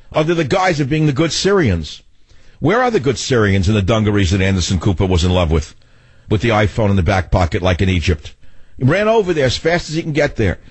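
A man's voice: mid-range voice, breathy edge, dry recording. An older man hosting a political radio talk show, ranting sarcastically in a long monologue. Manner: ranting, sarcastic, mocking mimicry.

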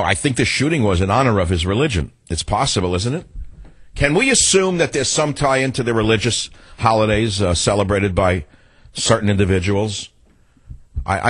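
Older male talk radio host, sarcastic and combative, low husky voice, very animated pitch. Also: dry recording. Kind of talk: political talk radio monologue.

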